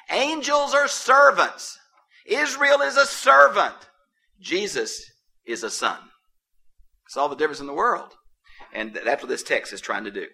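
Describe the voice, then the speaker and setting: A man teaching a Bible class, emphatic and animated, chuckling as he explains. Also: a little high.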